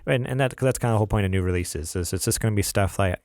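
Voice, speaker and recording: A man's voice: fairly low pitch, rapid-fire, darkish tone, no echo, studio quality. A young man hosting a casual gaming podcast, rambling with lots of fillers and laughs. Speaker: podcast host.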